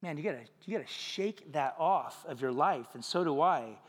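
A man preaching a sermon as pastor, animated, acting out little voices and jokes for the congregation. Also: a little high, normal speed, husky, big-room sound. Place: church sanctuary.

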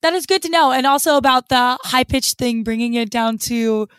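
High, smooth-voiced woman, hesitant. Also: moderate pace, a bit bright, no room sound. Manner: hesitant, with many restarts. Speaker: podcast co-host. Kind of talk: casual chat.

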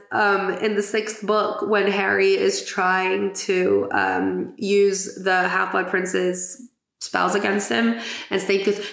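A woman hosting a casual podcast, chatty and giggly, with plenty of fillers between her thoughts. Her voice has a gravelly fry and sits at a middle pitch, in an echoey room. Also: a bit bright. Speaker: podcast host. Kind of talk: casual chat.

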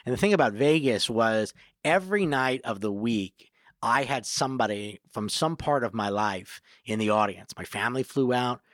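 A man's voice: mid-range voice, moderate pace, no echo, studio quality. A comedian and author, a man, telling stories as a guest in a casual podcast conversation. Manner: storytelling, animated, quotes people in put-on voices.

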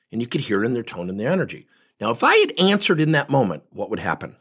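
A man who coaches and trains people in workplace talk, telling stories in an animated way and acting out the dialogue. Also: mid-range voice, fast talker, slightly rough.

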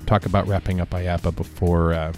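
Brief: low-voiced male co-host with a dry, joking delivery. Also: level tone, brisk, a little mellow, faint music behind. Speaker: podcast co-host. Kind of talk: casual chat.

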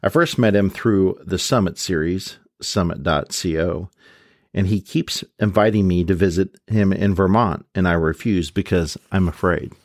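A man's voice: deep voice, moderate pace, dry recording, clean studio sound. A man giving a casual spoken summary of a book, reading out quotes and marking them with "quote" and "unquote". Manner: relaxed, with frequent fillers and restarts. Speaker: book reviewer.

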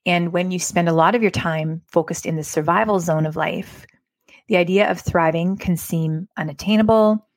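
A woman's voice: fairly low pitch, moderate pace, dry recording. A woman hosting a live podcast recording, speaking in a reflective, inviting way. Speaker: podcast host. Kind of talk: casual podcast chat.

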